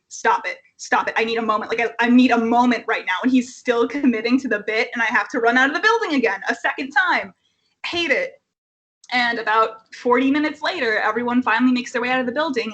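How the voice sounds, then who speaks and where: Young woman, bright high voice, animated casual storyteller who swears and fills with "like". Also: lo-fi sound. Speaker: person sharing a story. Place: home.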